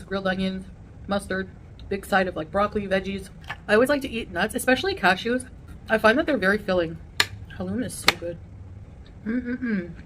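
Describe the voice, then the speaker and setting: A woman vlogger chatting casually to her viewers while eating a meal, rambling and pausing to chew. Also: medium pitch, a bit bright, slight background noise. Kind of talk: casual eating vlog chat.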